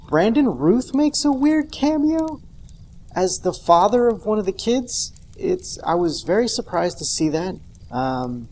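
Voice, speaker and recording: A man's voice: a little high, a little mellow. Casual rambling male show reviewer. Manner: conversational, rambling, wry asides. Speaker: host reviewing a TV episode. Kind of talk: unscripted casual review monologue.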